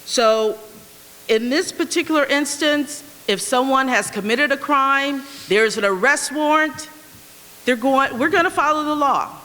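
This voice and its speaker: A woman's voice: high voice, unhurried, pushed and bright. A woman running for mayor, giving firm and emphatic answers at a candidates forum. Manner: firm, emphatic, repetitive slogans. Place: school auditorium. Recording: reverberant hall.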